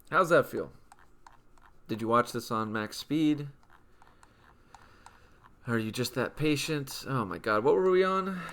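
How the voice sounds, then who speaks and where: A young man with a gravelly, creaky voice talks slowly through a gameplay video. He reads items off one by one in a dry, matter-of-fact way with amused little asides. The delivery is casual and unhurried. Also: medium pitch, fairly bright tone. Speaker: gaming video creator.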